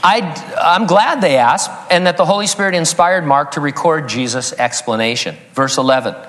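A man's voice: on the high side, moderate pace, few pauses, a bit bright, big-room sound. A man preaching a sermon as pastor, breaking in with joking asides and chuckling at his own jokes. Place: church sanctuary.

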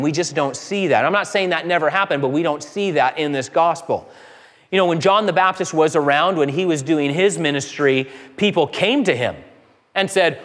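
A man's voice: fairly high pitch, moderate pace, a bit bright, in a large hall. A man preaching a sermon earnestly, acting out quoted voices and building to emphatic peaks. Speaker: pastor.

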